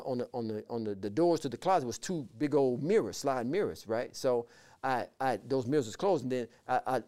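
Guy telling his testimony on a talk show, mellow low-ish tone, gets worked up, repeats himself a lot. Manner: lively, repeats words, acts out quoted voices. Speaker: guest sharing his testimony. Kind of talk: animated personal storytelling.

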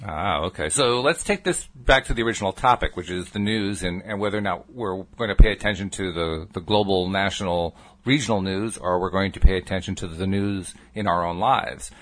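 A man hosting a podcast who steers the conversation back to the topic in a thoughtful, measured way. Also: sits low, a bit bright. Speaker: podcast host. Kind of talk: casual conversation.

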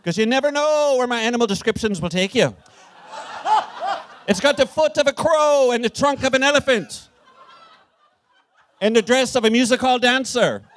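A man's voice: very high voice, normal speed, pauses often, a bit bright, a little hiss or hum. A man playing a jovial, boastful old Irish poet with an Irish accent, on a live comedy stage, swinging between cheeky bragging and ponderous recitation. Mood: boisterous, ranting. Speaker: guest. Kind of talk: live comedic character performance.

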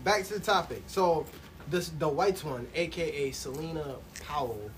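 A man co-hosting a casual podcast, bantering loudly and laughing often, with plenty of swearing. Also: fairly high pitch, normal speed, slight background noise. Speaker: podcast co-host. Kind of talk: casual chat.

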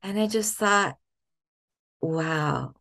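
A middle-aged woman with a low, slightly gravelly voice shares a personal faith story as a podcast guest. She is soft-spoken and reflective, stopping now and then to find her words. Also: unhurried.

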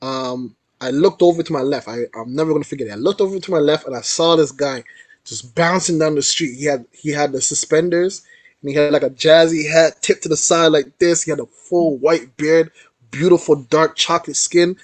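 A man's voice: on the high side, fairly quick, no room sound. A young man, a guest artist, telling a story in a casual, slangy interview style. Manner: animated storyteller, slangy with frequent "yo" and "like".

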